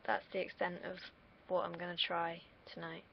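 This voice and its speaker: A woman's voice: fairly low pitch, completely flat delivery, moderate pace, gravelly, slight background noise. A young woman from the United Kingdom, rambling candidly in a casual solo livestream and swearing freely. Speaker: streamer. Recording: dull lo-fi mic.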